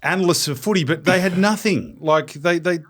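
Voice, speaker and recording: A man's voice: sits high, brisk, fairly bright tone. A man with an Australian accent, a former footballer co-hosting a podcast, telling rambling anecdotes and swearing freely. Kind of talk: casual banter. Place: podcast studio.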